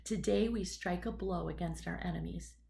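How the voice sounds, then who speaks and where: A woman's voice: fairly low pitch, moderate pace, vocal fry, warm tone, a little hiss or hum. A woman reading an audiobook and voicing a brave young female rabbit, speaking urgently and earnestly in a raised voice.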